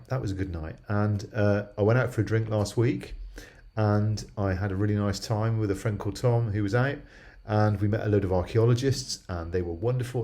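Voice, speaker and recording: An older man from southwest England records a casual video diary, rambling chattily and checking in with the listener through frequent "yeah?" tags. His voice is lowish and darkish in tone.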